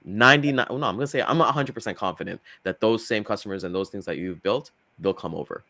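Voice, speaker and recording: A man's voice: fast talker, sharp tone, no room sound. A man co-hosting a casual morning talk show, speaking loosely with lots of fillers and acting out quotes. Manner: loose and chatty, full of fillers; acts out quotes with big jumps in pitch. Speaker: co-host.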